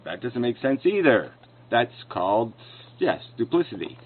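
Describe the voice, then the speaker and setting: A man tears into an argument in a scornful, profane rant. His voice has a narrow, phone-like tone, and his pitch sits in the middle range for a man. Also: big pitch swings, normal speed, slight background noise. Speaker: video commentator responding to clips. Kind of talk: combative rant. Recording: lo-fi phone-like sound.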